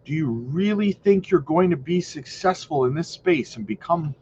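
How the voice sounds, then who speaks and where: A man talks to his viewers with a lively, swinging delivery, pressing his points and asking questions he answers himself. His voice sits a little high for a man. The sound is dull and lo-fi, with a faint hum of room ambience behind him. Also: moderate pace. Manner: animated, emphatic, rhetorical, repeats "right?". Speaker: crypto channel host. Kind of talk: casual commentary to camera.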